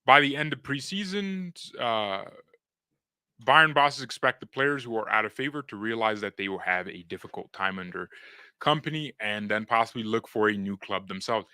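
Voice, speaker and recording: A man's voice: lowish voice, normal speed, sharp tone, smooth, dry recording. A young man hosting a fan live stream, joking in slang, talking to his chat and reading news aloud. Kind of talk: casual live-stream commentary.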